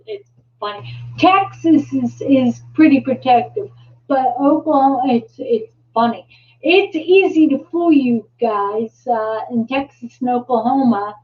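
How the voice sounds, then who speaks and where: High, unhurried woman host, rambling live-stream chat, heard from a distance on a dull lo-fi mic. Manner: rambling, halting, many restarts and fillers.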